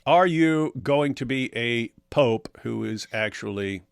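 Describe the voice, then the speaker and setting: In a dry, studio-quality recording, a middle-aged co-host of an apologetics talk stream speaks slowly in a medium-pitched, expressive, smooth voice with vocal fry. He reads viewers' comments aloud on the casual live stream, laughing and sarcastically mocking them in exaggerated voices.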